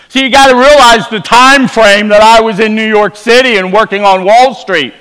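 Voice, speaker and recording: Bright, high-voiced man preaching in a hall. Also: animated, normal speed, hardly any pauses, clear, resonant tone. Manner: storytelling, shifts between quiet low asides and emphatic rises. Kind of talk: revival sermon testimony. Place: church sanctuary. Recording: long hall reverb.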